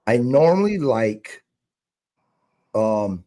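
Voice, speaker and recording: A man's voice: medium pitch, big pitch swings, drawn-out words, dark tone. A man co-hosting a casual wrestling podcast, blunt and dismissive, swearing freely. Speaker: podcast co-host.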